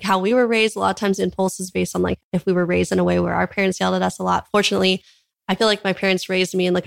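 A woman's voice: mid-range voice, vocal fry. A young woman from California, a podcast guest, explaining her views earnestly in a casual interview and filling her long sentences with "like". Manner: earnest, talks in long runs peppered with "like".

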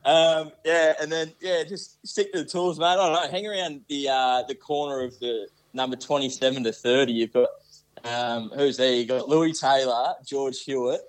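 A man's voice: mid-range voice, fairly even intonation, moderate pace, rough recording. A man, a guest footballer on a podcast call, laid-back and teasing. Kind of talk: casual podcast chat.

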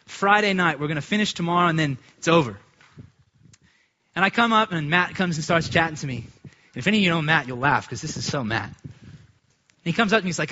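A man from the United States shares a personal testimony with a congregation in a lively storytelling way. His voice is bright and a touch high, and he jumps up in pitch when he acts out what people said. The recording sounds dull and lo-fi. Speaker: church speaker giving testimony.

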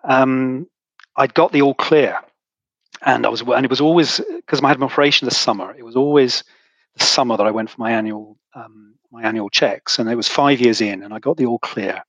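Husky-voiced man recounting, halting and emotional. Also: medium pitch, fairly bright tone, no echo, low-quality recording. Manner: halting, emotional, many restarts. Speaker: podcast guest, author. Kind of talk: conversational interview.

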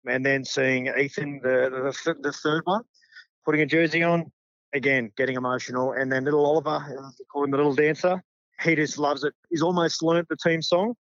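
Australian male coach, middle-aged, sincere and emotional, slightly higher voice, dry lo-fi audio. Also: fairly even intonation, a little fast, fairly bright tone, dry recording. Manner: sincere, heartfelt. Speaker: junior football coach. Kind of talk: casual interview.

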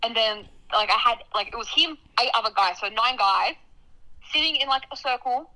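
Bright, high young woman. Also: moderate pace, rough recording. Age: young adult. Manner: animated, dramatic storytelling with laughter and acted-out quotes. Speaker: storyteller. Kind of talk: casual chat.

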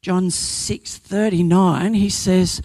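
A man's voice: sits high, steady tone, takes it slowly, darkish tone, no room sound. A man preaching a sermon, earnest and emphatic, building points through repetition and sometimes restarting a phrase.

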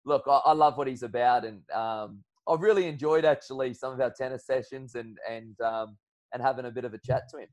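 An Australian man, a guest on a chat podcast, telling a story in a relaxed way, full of ums and restarts. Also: medium pitch, fairly quick. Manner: relaxed yarn-spinning with frequent fillers.

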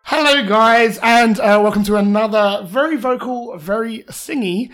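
A woman's voice: on the high side, unhurried, faint music behind. A woman hosting a casual podcast chat, bubbly and playful, laughing often. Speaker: podcast host.

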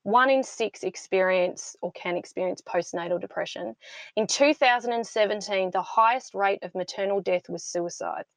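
A woman's voice: medium pitch, normal speed, vocal fry, no echo. A woman in her thirties talks with fierce, rallying conviction. Her voice sits in an ordinary middle register, and the recording is close and dry with no room sound. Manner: passionate, emphatic, rallying. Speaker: podcast guest, founder of a mothers' support club. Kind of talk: heartfelt interview talk.

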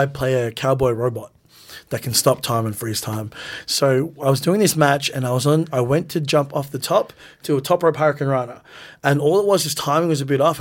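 A man, a wrestler telling stories casually in an interview, acting out quoted lines in a raised voice. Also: mid-range voice. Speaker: professional wrestler guest. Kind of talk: casual storytelling in a podcast interview.

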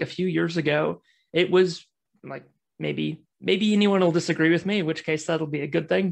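Gravelly American man, chatty guest speaker. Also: fairly high pitch. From United States. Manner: chatty and self-deprecating, many restarts. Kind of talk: online talk presentation.

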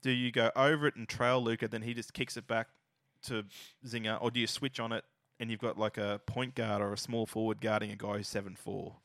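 A man's voice: lowish voice, flat delivery, fairly quick, vocal fry, a bit bright, dry recording. An Australian man co-hosting a basketball podcast in casual, profane, opinionated chat. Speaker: podcast co-host.

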